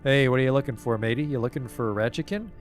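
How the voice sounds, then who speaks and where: A man voicing a hoarse, jumpy male smuggler who swings between eagerness and snarling threats, read from game dialogue. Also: medium pitch, quick pace, soft background music, natural voice. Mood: eager. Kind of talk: reading game dialogue aloud.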